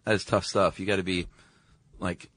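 Low-voiced male podcast co-host, chatty and agreeable, dry studio sound. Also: little pitch movement, moderate pace, fairly bright tone, no room sound. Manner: chatty, frequent agreeing interjections. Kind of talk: casual conversational chat.

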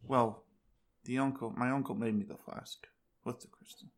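A woman's voice: a bass voice, steady tone, normal speed. A woman playing a tabletop game, easygoing with dry asides. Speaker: player.

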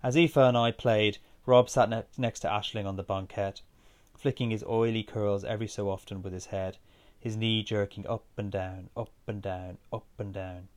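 Low-voiced man reading a story. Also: fairly even intonation, normal speed, a little mellow. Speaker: narrator. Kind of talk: reading a first-person story aloud.

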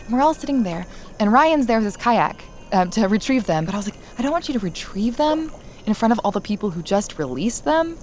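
A woman hosting a podcast, telling a personal story in a candid, animated way and laughing now and then. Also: fairly high pitch, a little fast, a little hiss or hum. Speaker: podcast host. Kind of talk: casual storytelling chat.

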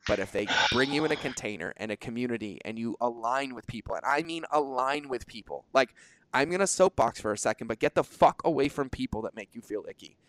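A man's voice: mid-range voice, lively intonation, fast talker, fairly bright tone, a little hiss or hum. A man hosting a podcast in casual conversation, talking emphatically and swearing casually. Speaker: podcast host.

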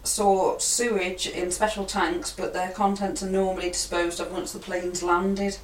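A woman's voice: fairly low pitch, little pitch movement, measured pace. Giggly woman on a podcast. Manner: playful, giggly joking. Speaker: podcast co-host. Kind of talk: casual comedy chat. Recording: roomy echo, distant mic, faint noise.

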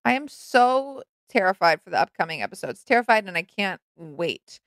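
A woman's voice: mid-range voice, sing-song, normal speed, a bit bright, no echo. A young woman co-hosting a podcast, gossiping animatedly and acting out quotes in casual chat. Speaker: podcast co-host.

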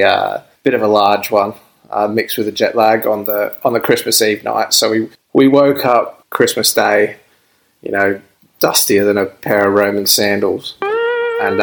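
A man's voice: fairly low pitch, gravelly, a bit bright, poor audio. Laid-back Australian man telling a story. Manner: laid-back, rambling, laughs through his story. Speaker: podcast guest. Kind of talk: casual storytelling.

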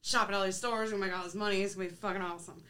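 A brash young male newspaper editor brags about his grand schemes, swearing freely, as a woman puts him on in a retelling. The voice is bright and pushy. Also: mid-range voice, fairly even intonation, rapid-fire, natural voice. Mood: scheming. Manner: boastful, profane, big plans.

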